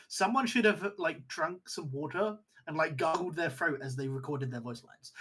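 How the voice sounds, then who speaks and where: A man chatting casually on a podcast, jokey and animated. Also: on the high side, moderate pace, few pauses, a little hiss or hum. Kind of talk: casual chat.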